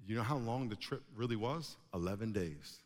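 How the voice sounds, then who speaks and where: Animated male preacher in a reverberant hall. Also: fairly low pitch, normal speed. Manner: animated preaching with rising, emphatic bursts. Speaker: pastor. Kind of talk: sermon.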